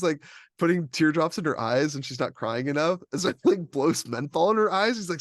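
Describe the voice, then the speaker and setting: A man's voice: fairly high pitch, normal speed, dry recording. Rambling young man, dry sound. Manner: rambling, heavy use of "like", animated retellings. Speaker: podcast co-host reviewing films. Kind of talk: casual chat.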